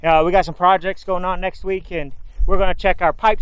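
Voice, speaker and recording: A man's voice: sits high, fairly quick, clear, resonant tone, poor audio. A man in his thirties hosting a farm vlog, talking in an easygoing, rambling way with plenty of fillers as he walks around outdoors. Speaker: farm vlogger, host. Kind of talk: casual vlog narration. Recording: outdoor camera recording with steady background noise.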